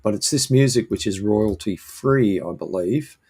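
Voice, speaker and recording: Gravelly, husky man chatting casually. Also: fairly low pitch, a little slow, a little mellow. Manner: hesitant, lots of ums and restarts. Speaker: host. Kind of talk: casual live-stream chat. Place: home shed.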